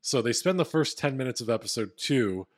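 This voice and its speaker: A man's voice: medium pitch, expressive, fairly quick. A man co-hosting a casual podcast, retelling a story with plenty of fillers. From Philadelphia area. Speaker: podcast co-host.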